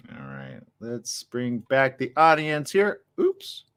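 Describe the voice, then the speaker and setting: Man, radio morning host, casual rambling banter, joking, bright forceful voice, lively pitch. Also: slow, clean tone. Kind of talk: casual live radio talk. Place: radio studio.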